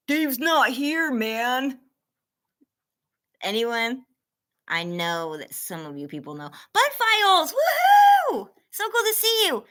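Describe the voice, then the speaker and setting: A woman's voice: mid-range voice, sharp tone. A woman hosting a casual livestream, greeting viewers by name and cooing at her dogs in a bubbly way. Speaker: livestream host.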